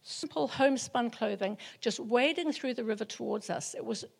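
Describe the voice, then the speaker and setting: A woman giving an earnest, emotional personal testimony to a small group, with halting restarts. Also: fairly high pitch, gravelly, breathy edge. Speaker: church member sharing a testimony.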